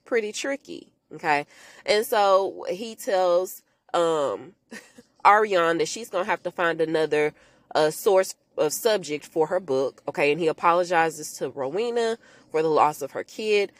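A woman tells a film's story to her listeners in a lively, chatty way, acting out lines as she goes. Her voice sits a little low, and the recording is dry and close with no room sound. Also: a little slow, no room sound. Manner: animated storytelling, talks to listeners as "y'all", acts out quotes in character voices. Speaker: podcast host recapping a film. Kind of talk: casual movie recap.

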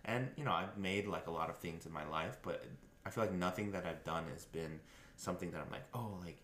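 A man's voice: deep voice, brisk, fairly bright tone. A man co-hosting a casual podcast, speaking earnestly and laughing easily with friends. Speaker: podcast co-host. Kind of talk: casual chat. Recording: echoey room, faint noise.

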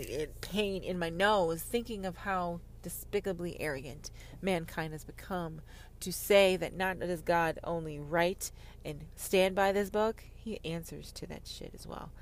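A woman giving a heated monologue on faith, sarcastic and profane, swinging from loud outbursts to whispers. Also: lowish voice, a little hiss or hum. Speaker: online Christian commentator.

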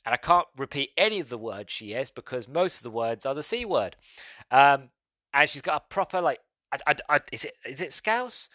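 A man's voice: medium pitch, fairly bright tone, no room sound. A man hosting a podcast, reviewing a film in casual, rambling talk that goes off on tangents and breaks into laughs. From Britain. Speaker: podcast host.

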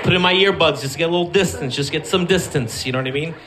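A man telling a comic story, acting out the voices of the people in it in an animated way. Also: on the high side, fast, a crowd in the background.

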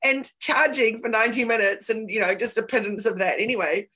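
A woman's voice: on the high side, steady tone, a little fast, pushed and bright, breathy edge. A woman hosting a casual chat, telling candid stories with emphatic repeated words.

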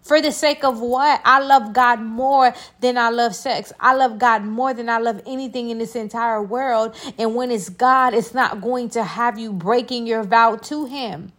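A young woman, hosting a faith podcast alone; she preaches emphatically, repeats her phrases, and prays softly. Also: a little high, steady tone, measured pace, hardly any pauses. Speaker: podcast host. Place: alone indoors.

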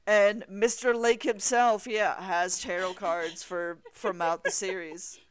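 A podcast co-host in casual talk about comics, speaking deliberately with hedging fillers and quick laughs. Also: mid-range voice, steady tone, smooth, no echo, clean studio sound.

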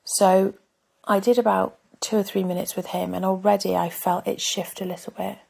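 A woman's voice: mid-range voice, level tone, normal speed, creaky, darkish tone, husky. A woman hosting a podcast, talking candidly in a reflective personal monologue, often dropping to a near-whisper. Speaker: podcast host.

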